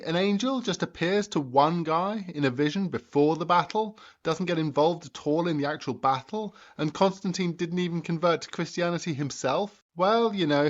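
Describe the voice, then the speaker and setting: A man with a somewhat high voice presents a history explainer, dry and skeptical in manner. The sound is a little dull and lo-fi. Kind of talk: narrated history explainer with comic dialogue.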